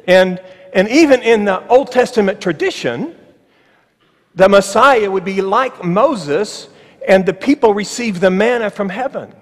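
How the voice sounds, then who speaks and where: A man preaching a sermon as pastor, emphatic, slowing on key phrases, with ironic asides. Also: high-pitched. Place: church sanctuary. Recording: long church reverb.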